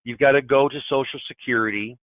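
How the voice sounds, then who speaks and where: Speaking quickly in a steady, medium-pitched voice, a man in his sixties leads a webinar on financial advice. He's folksy and emphatic, repeating himself and starting phrases over, all heard through a thin, phone-like connection.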